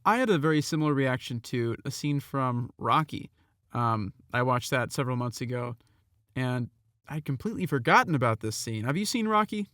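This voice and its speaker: A man co-hosting a film review podcast, speaking in a measured, hesitant way with fillers. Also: mid-range voice, expressive, fairly bright tone, dry recording, clean studio sound. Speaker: podcast co-host. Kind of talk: casual film review chat.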